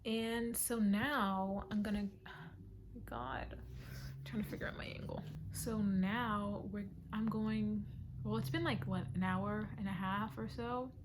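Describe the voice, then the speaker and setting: A woman's voice: medium pitch, slow, background noise. Chatty young woman vlogging on her phone. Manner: chatty, playful, self-teasing, drops into whispers. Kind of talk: casual vlog chat.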